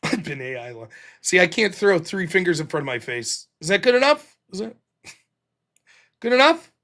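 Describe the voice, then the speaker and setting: Guy ranting and joking on his stream, cusses a lot, high bright voice. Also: sing-song, moderate pace. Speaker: livestream host. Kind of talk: casual livestream chat.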